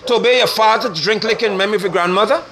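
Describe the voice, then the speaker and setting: A middle-aged man delivering a forceful, scolding sermon online, preaching hard at his listeners. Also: high voice, very fast, heavy background noise.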